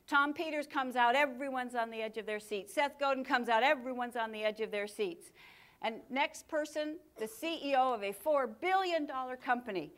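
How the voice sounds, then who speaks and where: A high-pitched woman speaking to a live audience in a conference room. Her delivery is energetic and punchy, with dramatic pauses between key words. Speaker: communication speaker. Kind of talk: live workshop talk to an audience.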